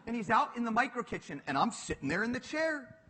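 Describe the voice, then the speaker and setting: A middle-aged man on stage telling a lively, self-mocking story and laughing through his lines. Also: very high-pitched, quick pace, long reverb tail, slight background noise. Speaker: panel guest. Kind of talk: animated onstage storytelling. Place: stage at a public talk.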